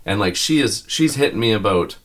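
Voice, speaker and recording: A man's voice: fairly low pitch, brisk. A man earnestly telling an emotional family story in an interview. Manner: earnest, animated, self-described emotional.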